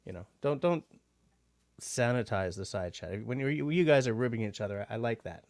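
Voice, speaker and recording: A man's voice: medium pitch, animated, normal speed, darkish tone, dry recording, clean studio sound. A man hosting a livestream, chatting casually and rambling with frequent filler words. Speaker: livestream host.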